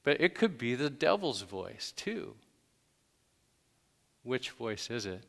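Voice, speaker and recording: A man's voice: medium pitch, very animated, takes it slowly, gravelly, fairly bright tone, big-room sound. A man preaching a sermon in a conversational way, with sudden emphatic bursts. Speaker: pastor.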